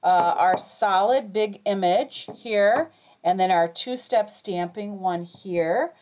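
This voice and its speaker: A woman's voice: mid-range voice, slow, a little mellow. A woman teaching a craft lesson step by step, chatty, often checking in with "okay?" and correcting herself as she goes. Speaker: crafting instructor.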